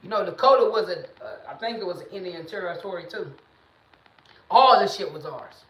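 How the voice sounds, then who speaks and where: A woman hosting a livestream in casual talk, blunt and emphatic, sometimes rising into loud preaching bursts, speaking into a phone or webcam. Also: lowish voice, expressive, fairly quick, roomy sound. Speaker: livestream host.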